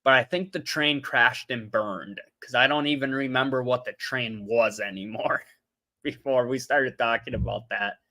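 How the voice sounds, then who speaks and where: A man's voice: mid-range voice, normal speed, bright, forceful tone. A young man hosting a casual livestream, chatting loosely to viewers and often losing his train of thought. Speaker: livestream host. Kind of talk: casual live-stream chat.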